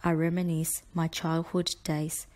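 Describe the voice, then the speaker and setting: Slow, low-voiced woman teaching spelling. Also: flat delivery, a little mellow. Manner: measured, deliberate, carefully enunciated. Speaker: spelling tutor. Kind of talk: slow spelling-list dictation.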